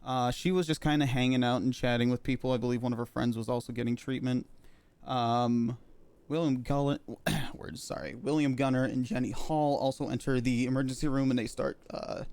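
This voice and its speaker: Halting man with a smooth, dry voice. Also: mid-range voice, a little mellow, no echo. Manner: halting, filler-heavy recounting. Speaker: roleplay medic giving a statement. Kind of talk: in-character recounting of events.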